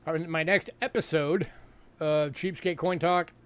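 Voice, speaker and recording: A man's voice: fairly high pitch, steady tone, a little slow, a bit bright, smooth. A man from New York hosting a coin sale livestream, talking casually with fillers and repeated words. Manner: chatty, fillers, repeats himself. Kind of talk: casual livestream sales talk.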